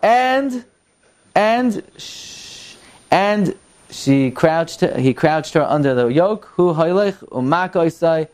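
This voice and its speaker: A man telling a Torah story in a lesson. He reads lines of Hebrew text, translates them into English and sprinkles Yiddish words into his retelling. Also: takes it slowly. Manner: animated, climbs in pitch and volume as the story builds. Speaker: Torah teacher.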